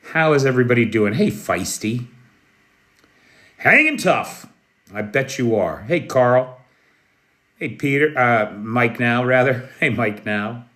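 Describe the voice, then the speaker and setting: A man from the United States hosting a live news stream, speaking in a slow, measured, friendly way and greeting chat viewers by name. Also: medium pitch, fairly bright tone. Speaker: news livestream host. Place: Kyiv, Ukraine.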